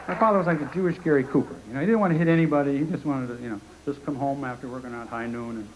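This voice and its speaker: Sardonic stand-up comedian on a live stage. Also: male voice, medium pitch, animated, poor audio. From Connecticut, US. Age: 40s. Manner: sardonic, rapid-fire, lots of asides. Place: theater stage in front of a live audience. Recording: live concert recording with audience noise.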